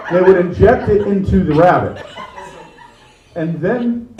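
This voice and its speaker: Middle-aged male comic, lively crowd-teasing delivery; slightly high voice, distant in an echoey venue. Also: a little slow, muffled recording. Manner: animated, jokey, teasing the crowd. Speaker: stand-up comedian. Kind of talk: stand-up comedy set. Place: comedy venue with live audience. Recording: echoey room, mic far off.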